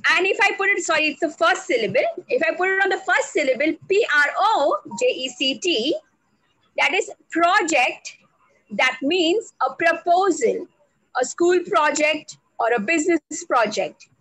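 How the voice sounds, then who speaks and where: A woman teaching on a video call, slow and deliberate, spelling out words letter by letter. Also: very high voice, expressive, sharp tone, no echo, low-quality recording. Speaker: English language trainer. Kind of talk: online speaking workshop.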